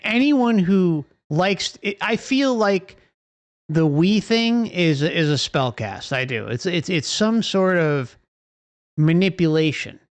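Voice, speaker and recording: A streamer rants at an unhurried, deliberate pace. The delivery is heated and profane, driven by repeated rhetorical questions to the audience. The sound is dry and close, as if from a desk mic. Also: mid-range voice, no room sound. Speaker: livestream host. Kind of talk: impassioned livestream rant.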